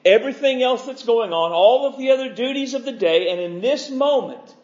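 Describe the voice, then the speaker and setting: A man's voice: very high-pitched, lively intonation, fairly quick, darkish tone. A man preaching an expository sermon, fervent and emphatic, stacking repeated phrases. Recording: dull lo-fi recording.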